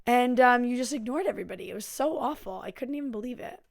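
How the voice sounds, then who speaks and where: A woman's voice: fairly high pitch, quick pace, gravelly, no echo, studio quality. A woman hosting a casual recap of a reality TV episode, chatty and full of fillers, giving blunt opinions. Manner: chatty, filler-heavy with um, like and you know. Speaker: TV recap show host.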